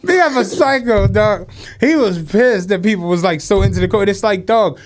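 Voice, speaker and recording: A man's voice: high-pitched, moderate pace, background noise. A man co-hosting a podcast in casual chat, slangy, laughing often and acting out quotes in funny voices. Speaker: podcast co-host.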